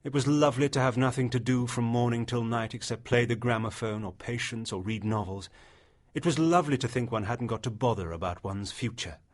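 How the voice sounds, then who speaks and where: Man reading a classic short story. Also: medium pitch. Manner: measured, storytelling. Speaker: audiobook narrator. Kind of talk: literary audiobook narration.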